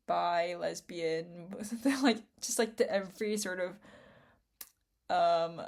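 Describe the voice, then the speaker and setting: A young woman rambling to camera in an unedited vlog, tearful, with many fillers, restarts and self-interruptions. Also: on the low side. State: tearful after crying. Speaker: vlogger.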